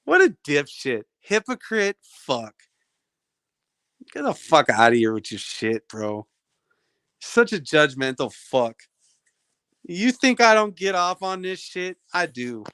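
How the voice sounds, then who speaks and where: Profane ranting man, high voice. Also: very animated, slow, pauses often, pushed and bright, clear, resonant tone, dry recording, studio quality. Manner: profane, combative, taunting a viewer. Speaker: livestreamer. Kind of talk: ranting livestream chat.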